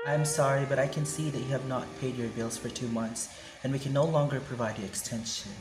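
An actor playing both an angry caller and a formal supervisor in a comedy skit. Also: female voice, extremely low pitch, a little fast, echoey room, slight background noise. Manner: indignant then calm and formal.

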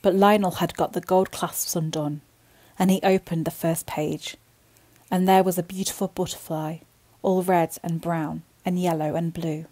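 A woman storyteller reading a bedtime story aloud in an expressive, gentle way. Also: fairly low pitch, normal speed.

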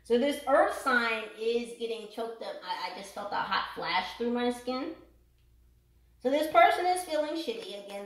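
A chatty woman doing a casual tarot reading, joking, swearing and laughing as she goes. Her voice sits a little high for a woman. The room around her is noticeably echoey. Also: a bit bright. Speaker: tarot reader.

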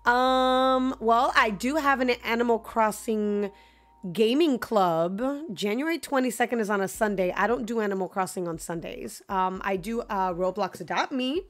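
A woman's voice: fairly high pitch, normal speed. A woman streaming a video game live, chatting with her viewers, laughing often and talking back to the game characters into her microphone. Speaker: gaming streamer.

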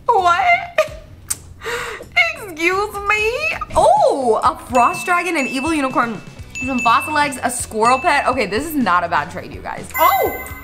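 A bubbly woman talks her viewers through game-play in a high voice that swoops up and down all the time, breaking into squeals and gasps. Music plays clearly behind her. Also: very animated, a little slow. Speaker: gaming channel host. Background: background music.

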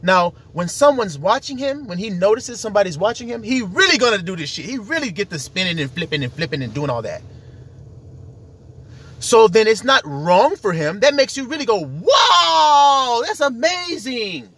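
A man's voice: high-pitched, sing-song, brisk, fairly bright tone, breathy edge. A man preaching in a casual, profane monologue, citing scripture in slangy street talk and laughing as he acts out what others say. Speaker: self-styled preacher.

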